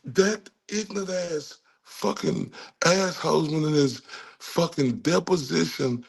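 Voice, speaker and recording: A man's voice: on the high side, slow, vocal fry, husky. A man with a Texan accent giving angry, profane true-crime commentary and talking straight to his viewers. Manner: angry, cursing, talks to viewers.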